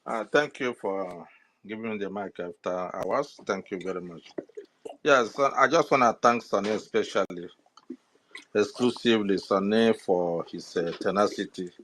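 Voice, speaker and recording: A man's voice: fairly low pitch, moderate pace, a little hiss or hum, rough recording. A man on a group audio call, thanking others and then ranting in a heated, mocking way. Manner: rambling, heated, mocking, sometimes rising to a near shout. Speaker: call participant. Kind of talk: casual chat turning into a rant.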